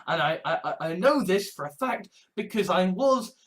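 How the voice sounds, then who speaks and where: Man, vlogger, casual rambling talk, fillers and restarts, fairly high voice. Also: lively intonation, normal speed, a bit bright. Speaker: online video creator.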